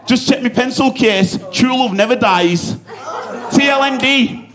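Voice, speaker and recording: A young man with a Yorkshire accent performing a stand-up comedy set on a club stage, animated and swearing, with shouted bursts. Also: extremely high pitch, unhurried. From Bradford, Yorkshire, England.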